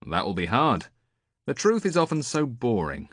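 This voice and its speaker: A man's voice: mid-range voice, wildly swooping pitch, moderate pace, a bit bright, dry recording, clean studio sound, pitched above the performer's own voice. A man voicing a stocky, crafty middle-aged king in an audiobook, speaking in a bluff, joking way.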